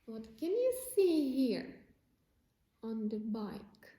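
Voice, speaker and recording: A woman teacher giving an English lesson to young children in slow, simple phrasing. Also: on the high side, very animated, dark tone, roomy sound.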